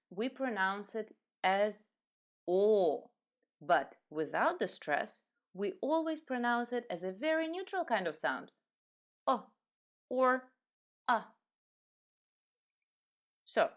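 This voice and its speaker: A woman with a Russian accent leads a pronunciation lesson at a slow, patient pace. Her pitch moves widely as she sounds out each letter. She stretches out every demonstration. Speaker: language teacher.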